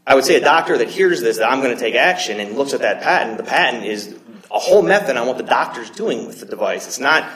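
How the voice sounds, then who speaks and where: A man's voice: mid-range voice, lively intonation, a bit bright. Man arguing an appeal in an echoing courtroom. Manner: measured, with frequent restarts and hedged legal phrasing. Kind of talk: courtroom oral argument. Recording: roomy courtroom echo.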